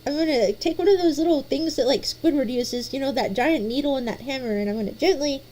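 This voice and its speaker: Playful high-voiced woman hosting. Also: fast, few pauses, slight background noise. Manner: playful, animated, stammering restarts. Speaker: host. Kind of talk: casual chat.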